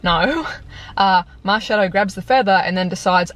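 A woman's voice: medium pitch, normal speed, a bit bright. Young woman vlogger, casual exasperated movie rant, chatty, filler-heavy. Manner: chatty and exasperated, lots of "like", breaks into laughter. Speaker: video reviewer. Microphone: compact camera on tripod.

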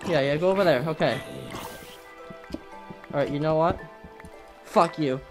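A gameplay commentator talking over their own play, jumpy and quick to swear, yelping at every scare. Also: mid-range voice, over music.

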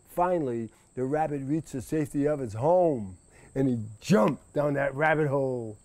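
A man's voice: mid-range voice, normal speed, mellow, no echo. A man telling a folktale aloud to an audience, rhythmic and repetitive, with sound effects. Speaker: storyteller.

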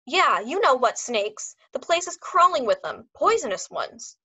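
A woman voicing a loud, hot-tempered German dog trainer who speaks broken English, read aloud from a storybook. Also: extremely high pitch, sing-song, measured pace, husky, no room sound, pitched above the performer's own voice, heavily acted. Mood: furious. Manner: broken English, furious ranting.

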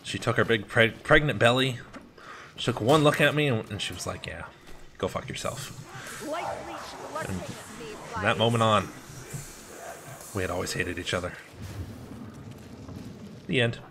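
A man's voice: lowish voice, normal speed, long pauses, noisy background. A man from the United States telling a rambling, heavily profane story while he plays a game. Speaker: gaming channel host. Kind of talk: casual storytelling over gameplay.

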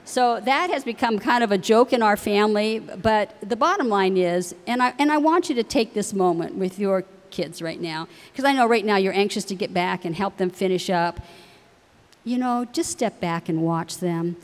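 Middle-aged woman speaker addressing parents, anecdotal and chatty, mid pitch, echoing auditorium. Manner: warm anecdotal delivery with laughs. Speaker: university president's wife speaking to families. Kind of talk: storytelling speech to parents. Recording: long hall reverb.

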